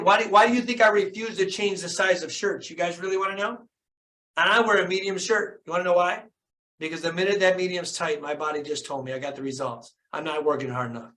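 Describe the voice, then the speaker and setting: A man's voice: on the high side, a bit bright. A man giving a fired-up motivational talk on a video call, preaching and asking the audience questions, repeating phrases for emphasis and cursing casually. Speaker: motivational speaker.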